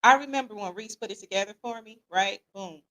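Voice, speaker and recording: A middle-aged woman, hosting a casual livestream and greeting viewers in a lively, slangy, playful way. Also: mid-range voice, fairly quick. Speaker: podcast host.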